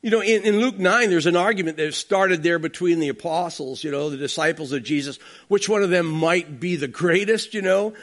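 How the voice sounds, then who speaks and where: A man's voice: a little high, fairly quick, few pauses. A man preaching an expository sermon, talking emphatically and conversationally, with frequent asides to the congregation. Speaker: pastor.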